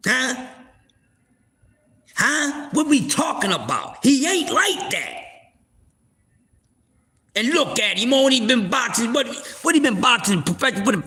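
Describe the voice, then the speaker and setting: A man's voice: very high-pitched, big pitch swings, unhurried, pauses often, bright, forceful tone. A man hosting a live stream, ranting heatedly about boxing to his viewers, profane and repeating words for emphasis. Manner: speaks straight to the viewers as y'all. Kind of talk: casual boxing rant to a live audience.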